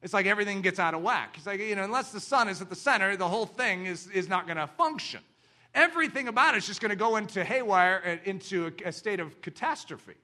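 A man preaching a sermon, asking the congregation rhetorical questions and acting out the voices in the story. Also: high voice. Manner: animated, acts out quoted voices, rhetorical questions.

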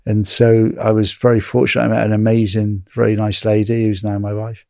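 A chatty English man in his fifties tells long anecdotes, often breaking into laughter. His voice sits fairly low. The recording is dry and close. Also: level tone, a little fast, creaky, a little mellow, dry recording. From England. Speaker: guest. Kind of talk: casual storytelling interview.

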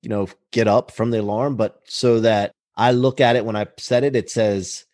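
A man's voice: lowish voice, fairly even intonation, normal speed, hardly any pauses, darkish tone, no room sound, studio quality. A man hosting a podcast, talking in an upbeat, emphatic casual way. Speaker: podcast host. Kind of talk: casual conversation.

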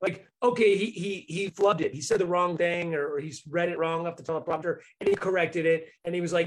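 A man in casual political chat, animated and mocking, swearing freely as he talks. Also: a little high, fairly quick, poor audio.

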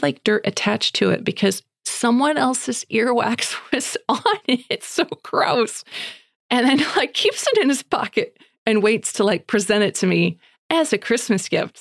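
Woman podcast host, faith show, some vocal fry, dry close mic, chatty storyteller. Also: fairly high pitch, a little slow, dry recording. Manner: chatty, animated storytelling with voiced quotes. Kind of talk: faith podcast monologue with prayer and stories.

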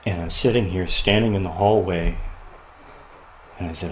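A man sharing a personal story as a podcast guest, earnest and often quiet and halting, laughing at the lighter moments. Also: deep voice, a little hiss or hum, low-quality recording.

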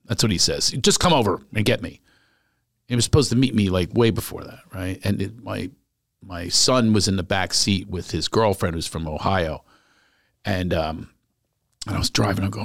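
A man, a stand-up comic, chatting casually and telling animated stories, acting out the people he quotes. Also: deep voice, a little fast, vocal fry, no echo, clean studio sound. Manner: animated storyteller, acts out quotes. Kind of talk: casual podcast chat.

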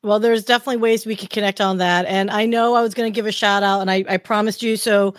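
A woman from Southern California hosting a podcast in an upbeat, chatty way, giving shout-outs. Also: mid-range voice, steady tone, fast talker, dry recording, studio quality. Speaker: podcast host. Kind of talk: casual podcast chat.

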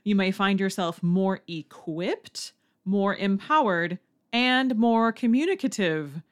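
A woman hosting a language-learning podcast, reading a scripted lesson and acting out learners' questions in a higher voice. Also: slow pace. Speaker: language teacher and podcast host.

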